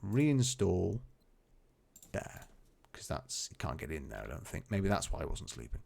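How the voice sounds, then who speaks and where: Male streamer, low gravelly voice, lively pitch, rambling chatty play-by-play, faint music bed. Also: a little slow. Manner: chatty, rambling, talks to his game characters. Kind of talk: casual live gameplay commentary.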